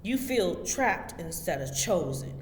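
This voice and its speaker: A woman's voice: on the low side, sing-song, a little slow. Woman preaching emphatically in an echoey hall. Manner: emphatic, preachy, direct address to listeners. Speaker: host. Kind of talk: motivational spiritual talk. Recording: echoey hall with faint background noise.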